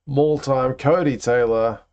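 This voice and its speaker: A man's voice: medium pitch, steady tone, slow pace, a little mellow. A man hosting a casual live watch-along, reacting to play and chatting with viewers. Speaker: livestream host. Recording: dull lo-fi stream audio.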